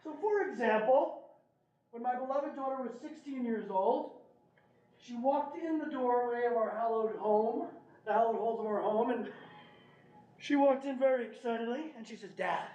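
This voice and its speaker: Middle-aged man giving an animated talk. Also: very high-pitched, moderate pace. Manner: animated, asks the audience "right?". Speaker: speaker at a parent meeting. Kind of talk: presentation with storytelling. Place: meeting room. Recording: roomy, distant, dull room recording.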